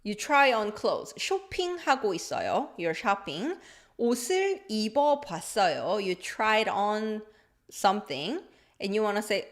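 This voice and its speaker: A woman's voice: mid-range voice, big pitch swings, fast talker. A woman whose first language is Korean, teaching a live online language lesson, switching between English and Korean, playful, reading out viewer comments.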